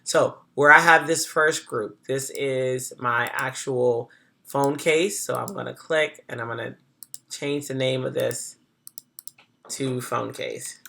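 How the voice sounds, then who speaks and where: A design instructor talking through a software tutorial in a casual, chatty way, thinking aloud and correcting themself as they go. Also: medium pitch, fairly even intonation, takes it slowly, gravelly.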